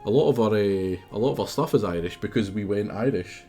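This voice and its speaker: A man's voice: on the low side, a little fast, warm tone, soft background music. A Scottish man streaming a game live, chatting and teasing his viewers in a casual, chatty way.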